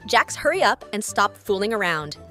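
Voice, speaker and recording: A man voicing a cheerful, bossy young woman in a chiding, perky falsetto, with faint game music behind. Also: very animated, moderate pace, bright, forceful tone, exaggerated voice.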